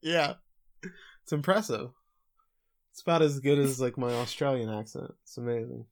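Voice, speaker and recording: A man's voice: medium pitch, normal speed. Casual male podcast host recapping. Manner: rambling, self-correcting, dry jokes.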